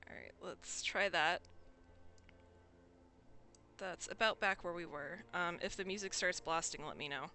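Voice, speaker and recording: A woman's voice: lowish voice, measured pace, pauses often, pushed and bright. A young woman streamer giving casual gameplay commentary in a wry, chatty way, swearing now and then.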